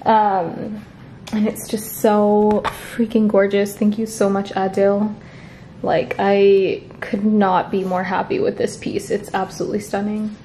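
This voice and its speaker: A young woman vlogging casually from home, bubbly and excitable, sometimes softly emotional. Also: mid-range voice, measured pace, echoey room, slight background noise. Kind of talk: casual vlog chat. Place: at home, bedroom and kitchen.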